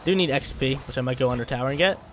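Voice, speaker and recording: A man's voice: medium pitch, racing, a bit bright, soft background music. A man giving live gameplay commentary, hyped and trash-talking, often repeating his phrases.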